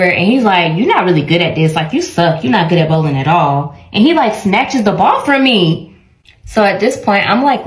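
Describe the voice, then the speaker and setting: A young woman recounts a date gone wrong in a relaxed storytime manner, slipping into the voices of both people as she goes. Her voice sits fairly low for a woman, and the room around her is echoey. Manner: animated, acts out both sides of the dialogue. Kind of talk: casual storytime to camera. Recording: roomy echo.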